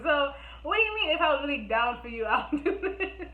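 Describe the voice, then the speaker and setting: Animated young woman telling a story. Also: fairly high pitch, brisk. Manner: animated, laughing, acts out quotes. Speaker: vlogger. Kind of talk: storytime vlog. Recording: echoey room, phone-like sound.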